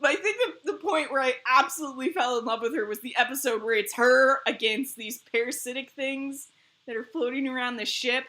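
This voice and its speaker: Bright, chatty woman streamer. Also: sits high, brisk. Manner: animated, laughs often, rambling tangents. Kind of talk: casual chat. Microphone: streaming mic.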